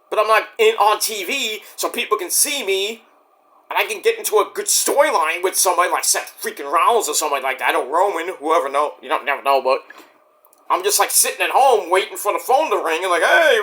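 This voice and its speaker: A man's voice: high-pitched, pushed and bright. A man ranting casually about wrestling, profane and rambling, acting out quoted voices along the way. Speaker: wrestling commentary vlogger. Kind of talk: casual rant.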